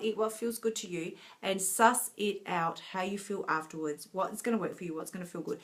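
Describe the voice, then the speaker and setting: Brief: woman coach, casual live-stream chat, giggly and encouraging, mid-pitched voice. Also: fairly bright tone. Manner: laughs often, chatty and encouraging. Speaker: online health coach.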